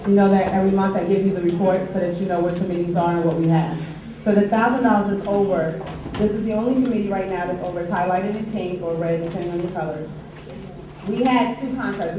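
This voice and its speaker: A woman with a New York accent reads out treasurer and committee business, upbeat and animated at times. She sounds far from the recorder in a very echoey hall, with steady noise behind her. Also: mid-range voice. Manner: upbeat, animated when announcing. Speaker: union treasurer and committee chair. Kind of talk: meeting report. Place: large meeting hall. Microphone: distant from the recorder.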